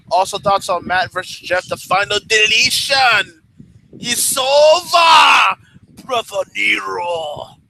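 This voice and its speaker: A young man hosting a casual livestream, talking bluntly with lots of swearing. He rants hard and gets excited when talking about things he likes. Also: high-pitched, slight background noise, poor audio. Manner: blunt, profane, ranting; excitable fan enthusiasm. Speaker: livestream host.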